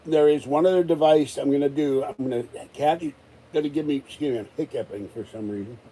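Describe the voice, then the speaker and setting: A man's voice: a little high, brisk, mellow, low-quality recording. A man ranting in a rambling, exasperated way during a casual live-stream chat, still recovering from an illness. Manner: exasperated, rambling rant with many restarts. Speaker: vlogger.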